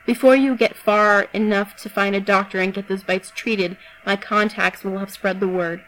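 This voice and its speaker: A woman voicing a cold young woman who commands insects, delivering threats in a calm, level voice. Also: medium pitch, normal speed, close to an everyday voice, low-quality recording. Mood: menacing.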